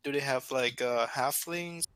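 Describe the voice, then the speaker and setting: A man's voice: mid-range voice, unhurried, a crowd in the background. A man playing a tabletop game, speaking unsurely and trailing off. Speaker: player. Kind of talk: casual tabletop role-play.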